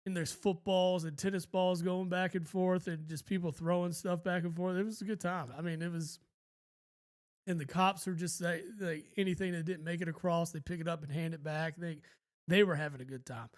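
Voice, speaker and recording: Podcast co-host, man, slightly higher voice, loose rambling storyteller who swears casually. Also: steady tone, a little fast. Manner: rambling, laid-back, swears freely.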